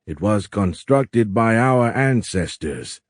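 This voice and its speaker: A male narrator voicing a courteous alien admiral who speaks in a stiff, formal, measured way. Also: fairly low pitch, lively intonation, no room sound, clean studio sound. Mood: courtly, measured.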